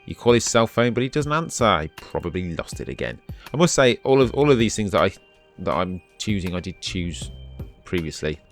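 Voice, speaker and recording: Deep-voiced man reading game text. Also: a little fast, faint music behind. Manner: dry asides, reads on-screen text in a steady voice. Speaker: let's play host.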